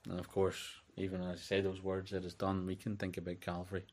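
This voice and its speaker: A man giving a relaxed, unscripted Bible teaching, reading verses aloud as he goes. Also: low voice, fairly quick. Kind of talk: conversational sermon.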